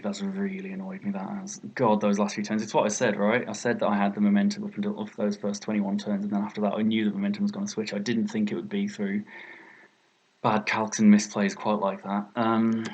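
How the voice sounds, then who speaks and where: A man's voice: on the low side, monotone, moderate pace, a little mellow, husky, highs cut off. A young British man commentating his own competitive game match, thinking aloud and often exclaiming at his own mistakes. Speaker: gaming video creator.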